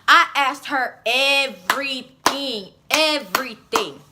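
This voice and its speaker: A young woman vlogger telling a personal story in an animated, expressive way, with lots of fillers. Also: sits high, a little slow, hardly any pauses. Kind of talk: storytime vlog.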